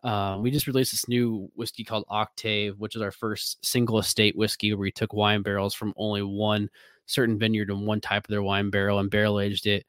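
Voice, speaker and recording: Man, Midwestern accent, lowish voice, dry close sound, casual rambling chat. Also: level tone, fairly quick, fairly bright tone, clean tone, dry recording. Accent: Midwestern American. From American Midwest. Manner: rambling, many fillers and restarts. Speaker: whiskey brand ambassador. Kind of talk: casual interview talk.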